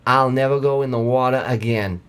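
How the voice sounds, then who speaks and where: A man's voice: mid-range voice, fairly even intonation, fairly quick, fairly bright tone, smooth, close to an everyday voice. A man doing a cussing Maine lobster diver. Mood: blustery. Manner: profane rambling storyteller. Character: foul-mouthed male Maine lobster diver, blustery.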